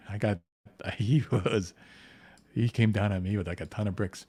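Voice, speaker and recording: A man's voice: on the low side, steady tone, normal speed, long pauses, darkish tone. A man, a comic book artist, talking casually on a livestream while painting, rambling with frequent restarts and lots of "you know".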